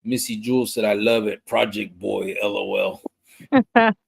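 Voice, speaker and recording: Low-voiced man reading out live comments. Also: normal speed, gravelly, husky. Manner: relaxed, loose, with fillers and restarts. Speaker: podcast host reading viewer comments. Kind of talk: casual live-stream chat.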